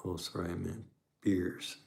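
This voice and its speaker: A man's voice: sits low, flat delivery, measured pace, vocal fry. A middle-aged man hosting a podcast livestream, chatting casually and reading live comments in a laid-back way.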